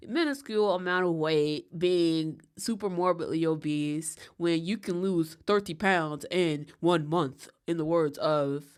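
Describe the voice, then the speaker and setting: A woman's voice: deep voice, a little slow, few pauses, clear, resonant tone. A woman giving casual reaction commentary in a sarcastic, exasperated way.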